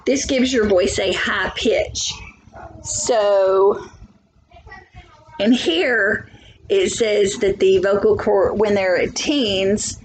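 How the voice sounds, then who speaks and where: A woman's voice: mid-range voice, steady tone, drawn-out words, pauses often, slight background noise, rough recording. A woman teacher giving a biology lesson from home, chatty, thinking aloud and asking for agreement.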